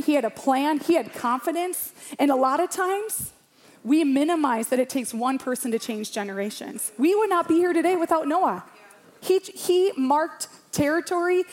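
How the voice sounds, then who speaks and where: High-voiced woman preaching with passion. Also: expressive, moderate pace. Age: around 40. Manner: passionate, emphatic, repeats phrases for rhythm. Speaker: pastor. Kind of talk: sermon. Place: church room with a congregation.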